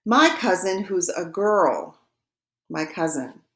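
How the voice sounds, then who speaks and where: A woman teaching a recorded vocabulary lesson, patiently giving each word and repeating it slowly for practice. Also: lowish voice, animated, reverberant. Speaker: French teacher.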